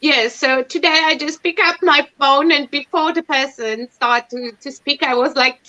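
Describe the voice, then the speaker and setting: High, bright woman chatting on a stream. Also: moderate pace, few pauses. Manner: chatty, self-mocking, laughs often. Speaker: livestream host. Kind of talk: casual chat. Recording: dull lo-fi stream audio.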